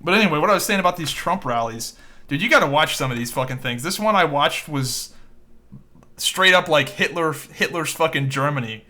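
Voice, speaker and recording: A man chats on a podcast with a bright, forward tone that sits a little high. He is profane and excitable, swearing freely as he talks. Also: brisk. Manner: profane, excitable, laughs often. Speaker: podcast co-host. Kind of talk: casual chat.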